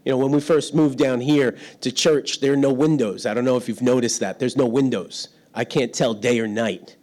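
Preaching in a church hall with no windows, this middle-aged pastor has a medium-pitched, darkish voice and a moderate pace. His sermon leans on self-deprecating personal stories, punctuated by frequent laughter.

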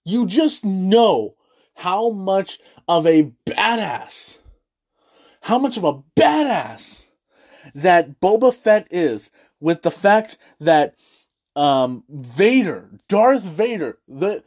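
A man hosting a casual movie review, excitable and gushing, swearing freely and restarting his sentences. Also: high voice, very slow.

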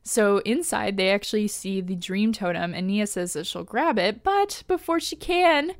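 A woman hosting a podcast, recapping an episode in a casual, animated way. She laughs often and swears casually. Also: medium pitch, moderate pace, dry recording, studio quality. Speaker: podcast host.

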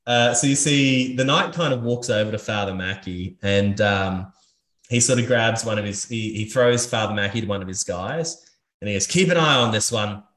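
Guy running a tabletop game, relaxed and chatty, echoey room. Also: lowish voice, moderate pace. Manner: casual, laughing, lots of uh fillers. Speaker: game master.

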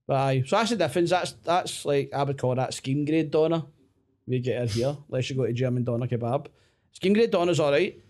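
A man's voice: medium pitch, a little fast, a little mellow. A man with a Scottish accent, chatting and teasing as a podcast co-host, swearing freely. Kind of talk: casual chat.

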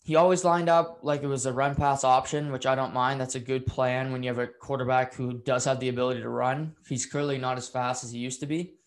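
A man's voice: mid-range voice, flat delivery, a little fast, few pauses. A man giving an unscripted, opinionated recap of a football game, rambling with fillers and restarts and getting heated over calls he dislikes. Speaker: football commentator.

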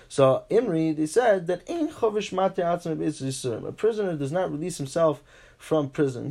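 Animated man teaching a Talmud class. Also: vocal fry. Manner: alternates reading Aramaic with quick English paraphrase, frequent restarts; animated, pitch jumps for emphasis. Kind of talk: Talmud class, reading and translating line by line.

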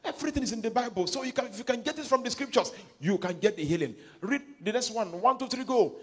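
A man's voice: extremely high pitch, expressive, fast, slightly rough. A male pastor with a Nigerian accent preaching a sermon, leading his congregation in reading scripture aloud and retelling a counselling story.

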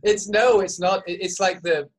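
A man's voice: high-pitched, steady tone, normal speed. A man co-hosting a podcast in a playful, teasing way, with a mixed Canadian and English accent, on a studio microphone. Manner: playful, teasing, self-mocking. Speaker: podcast co-host. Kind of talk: casual chat.

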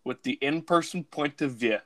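A man's voice: fairly high pitch, normal speed, a bit bright, no room sound. A man co-hosting a casual sports podcast, joking and emphatic as he makes his picks. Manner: joking, emphatic, trash-talking. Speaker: podcast co-host.

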